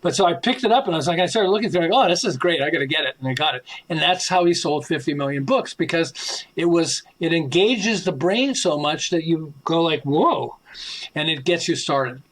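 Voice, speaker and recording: A man, an author being interviewed, telling anecdotes in an animated way, acting out quoted dialogue and chuckling often. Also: on the high side, brisk, hardly any pauses, rough recording. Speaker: author and podcast guest.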